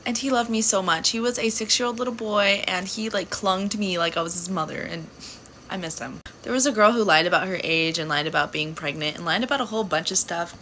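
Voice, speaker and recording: A woman's voice: mid-range voice, fairly quick, bright, forceful tone, low-quality recording. A young woman in her twenties telling her story to camera in a loose, casual way. She is blunt and sassy and swears freely. A faint background hiss sits under her voice. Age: 20s.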